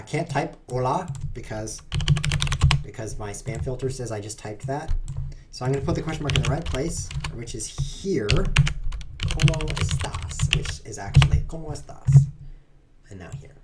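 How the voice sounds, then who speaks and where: A man's voice: medium pitch, heavy background noise. A man streaming online chess, chatting to his viewers in a playful, self-mocking way as he plays. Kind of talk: live-stream commentary while playing.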